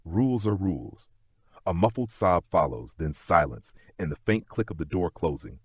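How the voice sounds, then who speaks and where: A man narrating a history sleep story in a slow, gentle second-person telling. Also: low voice, sing-song, husky, dry recording.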